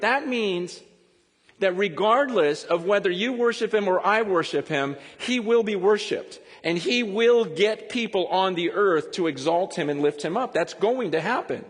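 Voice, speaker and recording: A man preaching a sermon in a lively, conversational way, often breaking into quick laughs. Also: high-pitched, long reverb tail. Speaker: pastor.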